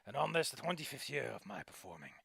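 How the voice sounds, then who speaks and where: A man's voice: medium pitch, very animated, fast, vocal fry, a bit bright, breathy edge, no echo, pitched below the performer's own voice, heavily acted. A man voicing a proud old male raptor fire performer with a grand, stately manner that turns soothing.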